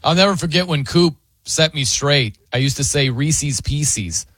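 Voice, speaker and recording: A radio host riffs casually with his co-host, laughing often and slipping into impressions of other people's pronunciations. His voice is bright, and his pitch swings widely. The studio sound is dry and close. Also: expressive, measured pace, breathy edge, dry recording.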